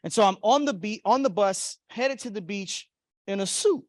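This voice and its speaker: Animated male keynote storyteller. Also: sits high, moderate pace, dry recording. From Florida. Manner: animated storyteller, acts out voices, big swings between loud and soft. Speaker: motivational keynote speaker. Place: conference hall.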